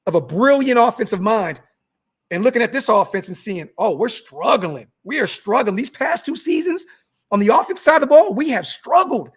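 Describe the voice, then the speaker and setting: Reading the live chat on his sports podcast stream, a young man with a high voice and fairly bright tone gets fired up. He swears, says words over and over, and voices the superchats in this lively sports talk.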